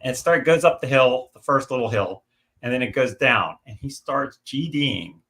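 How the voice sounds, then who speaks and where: A middle-aged man telling stories in a casual livestream chat. His voice is bright and gravelly. He talks animatedly and packs in plenty of fillers and restarts. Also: medium pitch, normal speed, slight background noise. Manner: chatty, animated storyteller, many fillers and restarts. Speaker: guest on a livestream.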